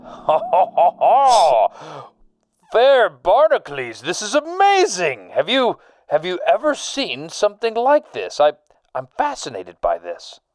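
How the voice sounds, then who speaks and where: An excitable, bumbling 18th-century dig leader, played by a man in a comedy sketch. He stumbles and restarts, and his put-on accent keeps drifting. His voice leaps all over the place and sounds dry and close. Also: fairly high pitch, measured pace, dry recording. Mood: excited. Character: excitable, bumbling male excavation leader of 1748.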